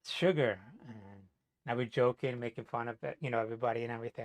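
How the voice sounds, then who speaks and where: A man's voice: medium pitch, steady tone, fast talker, no room sound. A man from New Jersey telling a rambling, profane story in a casual monologue, full of "you know" fillers. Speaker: vlogger.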